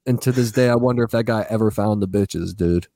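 A man in his thirties, high, hosting a casual podcast chat, swearing a lot and ending lines with "dude". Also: fairly quick, dark tone, dry recording, studio quality. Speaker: podcast co-host.

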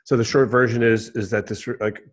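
Casual animated male storyteller. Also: fairly low pitch, fairly quick. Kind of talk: storytelling in conversation.

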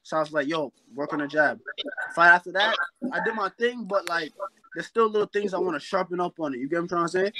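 A man's voice: high-pitched, fast, low-quality recording. A young man from New York, a boxer guest talking casually and rambling with fillers about his fights. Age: young adult. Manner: relaxed, rambling, fillers like "you feel me". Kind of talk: casual interview chat.

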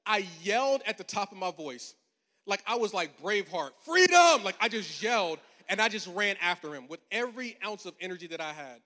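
A man in his forties preaches to his congregation with a high, bright voice that carries. His manner is conversational and humorous, and it swells into emphatic proclamations. The sound rings with a long reverb from a large church auditorium. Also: lively intonation, a little fast. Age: 40s. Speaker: pastor. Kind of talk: storytelling sermon.

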